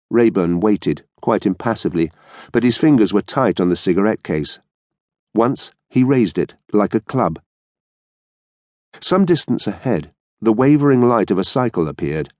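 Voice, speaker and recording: Steady low-voiced male audiobook narrator. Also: no echo. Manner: measured, steady storytelling. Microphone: studio microphone.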